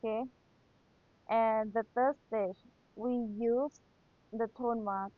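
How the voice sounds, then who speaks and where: A woman's voice: a little high, fairly even intonation, slow. A woman teacher with a Thai accent, patiently reviewing material for an exam and repeating key points. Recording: dull lo-fi sound.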